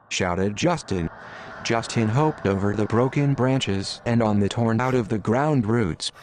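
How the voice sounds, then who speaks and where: A man reading his own adventure story aloud in a plain, steady way, as an audio drama. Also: fairly low pitch, takes it slowly, slight background noise. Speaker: narrator.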